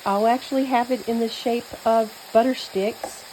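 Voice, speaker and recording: A woman's voice: on the high side, fairly even intonation, moderate pace, mellow, slight background noise, low-quality recording. A woman with a Southern US accent chatting casually while she cooks, rambling with many fillers and restarts. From born in New Mexico, raised mostly in Texas. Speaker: cooking vlogger. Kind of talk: casual chat while cooking.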